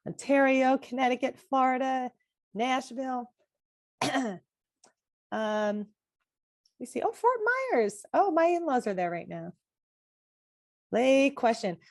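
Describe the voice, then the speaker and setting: A woman's voice: high voice, expressive, takes it slowly, long pauses, darkish tone, no room sound, clean studio sound. A woman co-hosting a live podcast on anxiety, chatting casually and greeting viewers with frequent laughs. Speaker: podcast co-host and anxiety coach. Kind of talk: casual live-stream chat.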